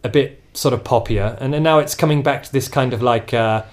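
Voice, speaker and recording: A man hosts a relaxed podcast conversation in a medium-pitched voice. He rambles a little as he goes and pokes fun at himself. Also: a little fast. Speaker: podcast host. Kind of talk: casual podcast chat.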